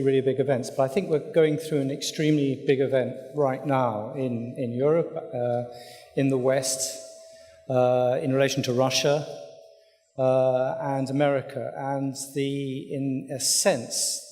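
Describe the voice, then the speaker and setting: A middle-aged man giving a thoughtful conference talk, pausing often with fillers and restarts. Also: mid-range voice, mellow. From Britain. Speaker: conference speaker, newspaper editor. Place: hotel conference hall. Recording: reverberant conference hall.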